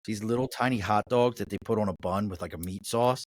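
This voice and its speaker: This podcast guest, a middle-aged Mid-Atlantic business owner with a Baltimore accent, keeps things casual. His voice runs on the low side at a quick pace, with no echo, and his storytelling is crude and direct.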